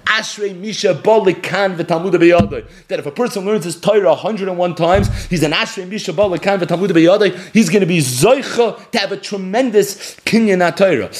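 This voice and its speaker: Man giving a sing-song Talmud lesson. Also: high-pitched. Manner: expressive, sing-song study cadence. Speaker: Torah teacher. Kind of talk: Talmud lecture.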